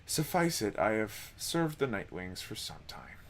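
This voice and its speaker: A man voicing a solemn male minstrel, speaking slowly and formally with small stumbles. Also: on the low side, sing-song, vocal fry, a bit bright, a little hiss or hum, heavily acted. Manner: slow, formal, hesitant. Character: solemn, soft-spoken male wandering minstrel.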